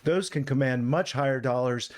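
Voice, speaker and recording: A man giving casual, explanatory testimony as an expert witness, in a measured way. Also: medium pitch.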